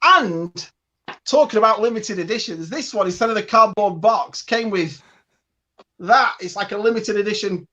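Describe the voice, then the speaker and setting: A man's voice: high-pitched, normal speed, sharp tone, dull audio. A man with a northern English accent, a guest host on a podcast, chatting eagerly and showing off collectibles. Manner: chatty, enthusiastic, shows items to camera. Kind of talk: casual podcast chat.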